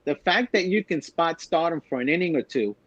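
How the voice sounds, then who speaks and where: Male New sports podcaster, fairly high voice, repeats points, dull dry sound. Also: fairly quick, no echo. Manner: animated, repeats himself, teasing. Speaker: podcast co-host. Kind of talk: casual sports talk.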